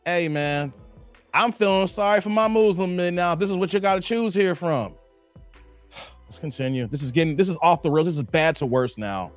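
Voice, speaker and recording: A man hosting a reaction video, commenting in an animated, preachy way and tacking "here" onto his sentences. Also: fairly high pitch, normal speed, faint music behind. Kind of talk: commentary on a played clip.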